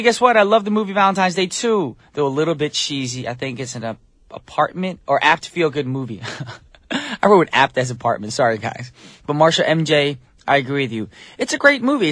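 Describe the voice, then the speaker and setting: A man's voice: fairly high pitch, a bit bright, no room sound, clean studio sound. A man hosting a radio show in a casual, chatty way, joking and laughing at himself between songs. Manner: chatty, joking, self-deprecating asides. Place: radio studio. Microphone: studio microphone.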